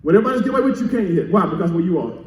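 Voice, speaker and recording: A man with a very high voice preaches a sermon in a church, leading the room in call-and-response. He repeats key phrases and moves from quiet teaching to shouted peaks. The sound is echoey and roomy. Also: very animated, rapid-fire, recorded from a distance. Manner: surges from soft teaching to shouted emphasis. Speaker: pastor. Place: church sanctuary.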